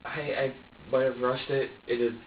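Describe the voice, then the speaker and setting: A tense, distressed man stumbles over his words, circling back on himself as he recounts what happened. His voice sits at an ordinary middle pitch. It comes through thin and tinny from a distant security mic, with an echoey room around it. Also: level tone, a little hiss or hum. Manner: halting, stammering, repeats himself. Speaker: interrogation suspect. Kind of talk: recounting events under questioning. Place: police interrogation room. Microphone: distant security camera mic.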